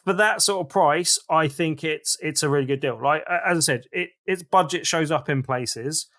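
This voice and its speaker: A man's voice: a little high, moderate pace, dry recording. Easygoing man, dry close mic. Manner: relaxed, hedging with fillers. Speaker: podcast co-host. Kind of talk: casual chat about video games.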